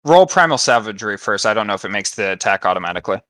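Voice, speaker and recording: A man acting as dungeon master in an online tabletop game, calmly guiding players through the rules and narrating the action. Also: on the low side, very fast, no echo.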